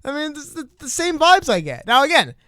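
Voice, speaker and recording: Man, high voice, dry close sound, casual podcast chat, rambling, animated, frequent restarts. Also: fast talker, dry recording. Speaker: podcast co-host.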